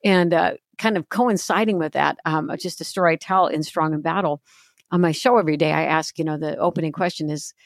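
A woman's voice: low voice, brisk, vocal fry, dry recording, clean studio sound. A middle-aged woman talking earnestly as an author guest in a faith interview, confiding and often quoting scripture.

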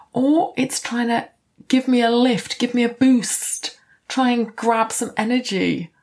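A woman's voice: medium pitch, gravelly. A middle-aged woman coach talking candidly in a reflective podcast, now and then swearing. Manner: candid, warm, occasionally swears.

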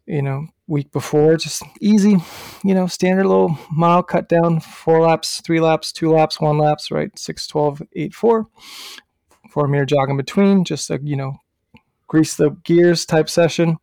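Raspy high-pitched man telling a story. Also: measured pace, no echo. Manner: animated, swears, punchy filler words. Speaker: podcast co-host and running coach. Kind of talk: casual storytelling.

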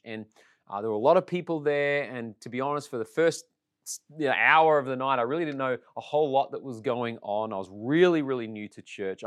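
A man giving a sermon, telling his own conversion story in an animated storytelling way. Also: medium pitch, no echo, clean studio sound. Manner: storytelling, animated when quoting others. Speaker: preacher. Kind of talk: sermon with personal testimony.

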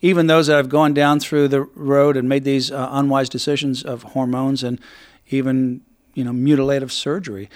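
A man's voice: medium pitch, level tone, normal speed. A man hosting a radio talk show, speaking in an emphatic, indignant conversational way.

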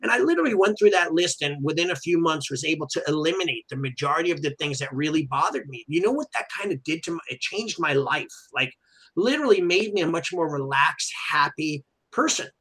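A man with a bright, forceful voice sits somewhat high for a man. He co-hosts a relaxed podcast, telling stories with lively swings and acting out what people said. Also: fairly quick, breathy edge. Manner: animated storyteller, acts out quotes, many "you know"s. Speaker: podcast co-host and martial arts school owner. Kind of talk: casual podcast chat.

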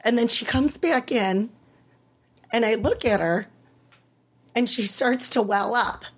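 A woman in her thirties, an interview guest telling her story in an animated way, acting out what people said and rising high when she relives the worst moments. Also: takes it slowly, breathy edge. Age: 30s. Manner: animated, acts out quoted voices, rises high when reliving distress. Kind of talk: emotional personal storytelling.

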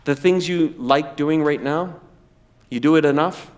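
A man's voice: on the high side, moderate pace. A man preaching a sermon, acting out quoted voices and asking the audience to repeat words after him. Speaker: pastor.

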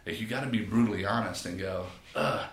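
A man, a podcast guest and personal trainer, telling stories in a casual, animated way and acting out quotes. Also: lowish voice, quick pace. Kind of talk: casual storytelling. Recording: echoey room.

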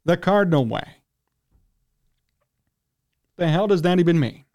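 A fired-up man with a Chicago accent hosting sports talk, his voice sitting fairly high for a man. He rants with indignation, his pitch leaping up whenever he gets worked up, and he keeps clearing his throat. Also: expressive, unhurried, darkish tone. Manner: indignant, ranting, pitch jumps when worked up. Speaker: sports talk radio host. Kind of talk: heated sports talk rant.

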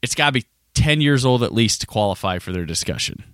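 Male podcast host, bright and lively, rambling, dry close sound. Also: quick pace, no room sound. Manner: rambling, restarts, lively pitch. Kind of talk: casual podcast chat.

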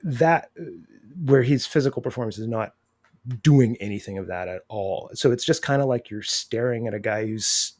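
Measured analytical man reviewing films. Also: medium pitch, darkish tone. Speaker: podcast co-host. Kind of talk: casual movie review chat.

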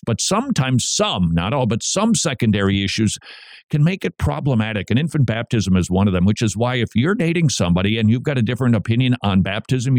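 Middle-aged male talk radio host, Minnesota accent, lively swooping delivery, dry close sound. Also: mid-range voice, no echo. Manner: animated, jokey, restless asides.

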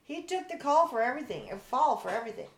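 A woman's voice: high-pitched, sing-song, quick pace, gravelly. A woman co-hosting a casual political chat, blunt and exasperated, rambling with restarts. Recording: echoey room.

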